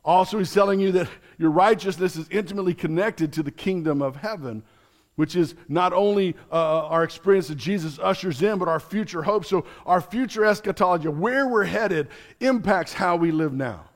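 A man's voice: high-pitched, normal speed. A man, a pastor, preaching a sermon in an earnest, explanatory teaching manner with light chuckles.

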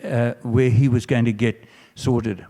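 A man preaching with a mellow, warm tone and an earnest delivery. He often restarts his phrases and rises for emphatic lines. His voice carries a long hall reverb. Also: mid-range voice, fairly even intonation, measured pace. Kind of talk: sermon.

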